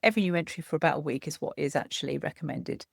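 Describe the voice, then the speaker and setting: A woman therapist, gently explaining practical tips in a podcast conversation. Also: sits low, racing, gravelly, no room sound, clean studio sound. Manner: gentle, explanatory, frequent "as well". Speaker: psychotherapist guest.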